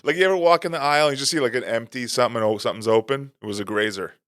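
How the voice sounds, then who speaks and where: A man hosting a podcast, telling stories in casual chat, animated and profane, acting out the people he quotes. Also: medium pitch, racing, dry recording, studio quality. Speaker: podcast host.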